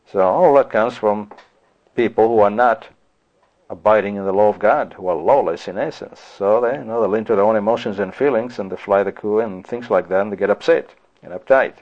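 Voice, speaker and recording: A man's voice: lowish voice, fairly quick. A man preaching a sermon in a rhetorical style, often breaking off with "you see" and "you know" asides. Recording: dull lo-fi recording.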